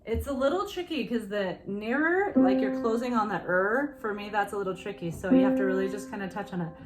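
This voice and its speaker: Over a noisy crowd, a woman with a mid-range voice talks a little fast while teaching singing. Her casual, encouraging lesson is full of brief sung hymn phrases used as demonstrations.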